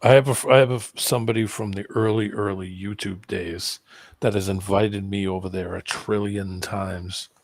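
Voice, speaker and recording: Relaxed co-host, male, lowish voice, very dry sound. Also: normal speed, dry recording. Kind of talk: casual chat.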